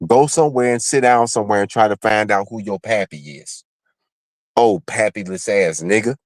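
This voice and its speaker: A man's voice: fairly low pitch, normal speed, dry recording. A man on a livestream in heated, profane chat, bluntly calling out a rival.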